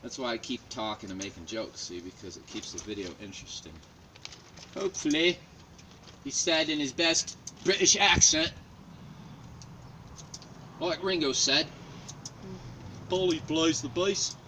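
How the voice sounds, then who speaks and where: Man, mid pitch, talking off-mic outdoors, jokey home-garden demo with self-mocking asides, noisy backdrop. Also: normal speed, sharp tone, recorded from a distance. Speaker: home gardener demonstrating plant cloning. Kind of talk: casual how-to demonstration.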